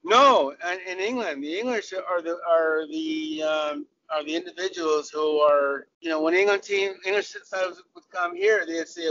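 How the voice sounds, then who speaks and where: A man's voice: a little high, normal speed, few pauses, a bit bright. An older man from Southern California with an American accent, a cricketer guest telling stories in a casual, chatty interview with lots of restarts. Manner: chatty, laughing, many restarts. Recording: dull lo-fi audio.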